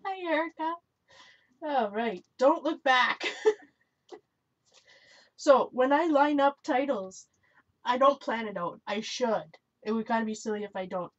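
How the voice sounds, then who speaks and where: A woman with a slightly raised pitch hosts a live craft stream, chatting freely, correcting herself as she goes and breaking into laughter. She answers viewers' comments aloud. The sound is muffled and lo-fi. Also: measured pace, long pauses. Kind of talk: casual chat while crafting. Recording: dull lo-fi recording.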